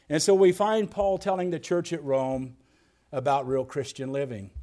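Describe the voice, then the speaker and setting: A man preaching as a pastor, earnest, often repeating words and restarting as he goes. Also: a little high. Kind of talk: sermon.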